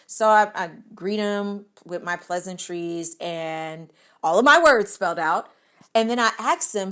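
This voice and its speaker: A woman telling a funny personal story at an unhurried pace. She is animated and expressive, laughing often and stammering when she gets worked up, with a voice of ordinary pitch. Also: clear, resonant tone. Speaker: podcast storyteller.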